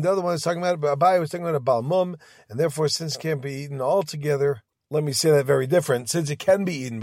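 A man with a fairly high voice leads a daily Talmud class, reading lines of Aramaic and then explaining each one in English. He sometimes stumbles and repeats a word as he reads. The recording is close and dry. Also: a little mellow, no echo. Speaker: Talmud teacher.

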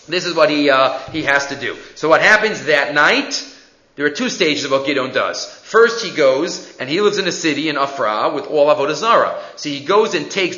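Animated male Bible storyteller. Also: fairly high pitch. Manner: animated storyteller, acts out quotes, with fillers. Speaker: religious teacher. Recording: echoey room, dull lo-fi sound.

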